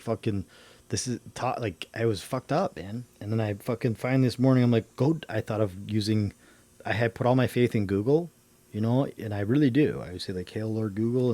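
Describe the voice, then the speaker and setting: On a dry recording, a man with a fairly low, mellow voice hosts a livestream, drifting through casual conspiracy chatter full of profanity and slang.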